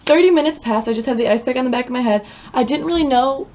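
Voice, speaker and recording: A woman's voice: high-pitched, fast, darkish tone. A young woman vlogger telling a dramatic personal story in a chatty way, full of fillers. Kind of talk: storytime vlog.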